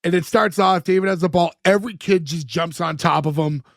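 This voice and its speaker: A man's voice: on the high side, a little fast, dry recording, studio quality. A man casually recapping a sitcom episode on a podcast, a loose storyteller full of filler words. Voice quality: talkative, loose storyteller who acts out quotes. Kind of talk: casual chat, plot recap.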